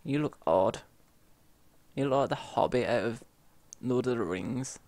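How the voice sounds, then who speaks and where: British guy playing a game, slow talker, keeps yelping and moaning, dry close sound. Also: medium pitch, dry recording. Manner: excitable, yelps and grumbles at the game. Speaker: gamer. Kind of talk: let's play commentary.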